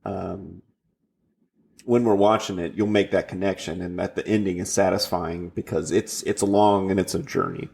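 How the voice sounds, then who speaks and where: Low husky man chatting casually. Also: moderate pace. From Houston, Texas. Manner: relaxed, rambling with fillers and restarts. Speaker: podcast co-host. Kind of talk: casual chat.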